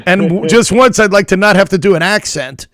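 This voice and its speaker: A man's voice: high-pitched, fairly quick, fairly bright tone. A middle-aged man co-hosting a casual comedy chat, rambling with restarts and laughing often. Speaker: comedian co-host.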